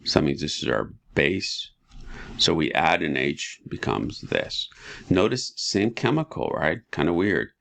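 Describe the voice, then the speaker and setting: A man teaching chemistry in a relaxed, casual lecture, walking students through each step and often asking "right?". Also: unhurried. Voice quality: very deep and gravelly. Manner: relaxed, talks students through steps with frequent rhetorical "right?".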